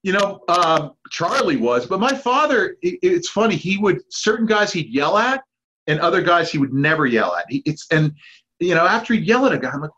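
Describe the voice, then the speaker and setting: A fairly high-pitched man in his fifties spins animated stories, acting out the people in them as he goes. The recording is dull and lo-fi, with the top end muffled. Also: brisk. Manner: lively anecdotes with acted-out quotes and laughs. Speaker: guest, park founder's son. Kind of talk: animated storytelling.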